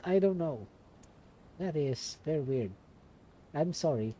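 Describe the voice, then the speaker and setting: A woman's voice: sits low, very animated, unhurried, mellow. A young woman streamer reading a story aloud with playful, self-mocking asides.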